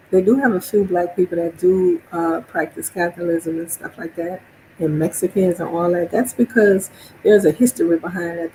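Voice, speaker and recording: A woman's voice: lowish voice, gravelly, mellow, a little hiss or hum, low-quality recording. A woman from New Orleans with a New Orleans accent, streaming a casual monologue, chatty and laughing often as she acts out her own reactions.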